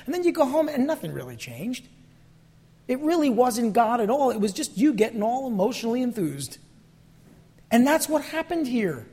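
A pastor delivers his sermon in a high voice that leaps up and down as he acts out the people he talks about. Now and then he sinks to an almost whispered hush. The sound rings with the long reverb of a hall. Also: normal speed. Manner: animated preaching, acts out voices, drops to near whisper.

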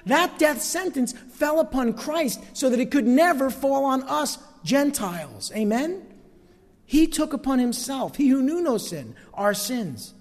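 High-voiced pastor preaching in a reverberant hall. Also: male voice, sing-song, measured pace, darkish tone. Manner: emphatic, stretches key phrases, asks the congregation for amens. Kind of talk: sermon. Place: church sanctuary.

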